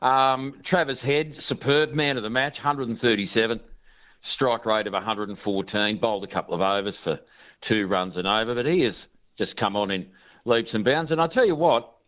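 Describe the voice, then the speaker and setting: A man's voice: mid-range voice, normal speed. Upbeat man on a phone line. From Australia. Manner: enthusiastic, repeats himself. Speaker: regular sports guest. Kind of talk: casual sports chat.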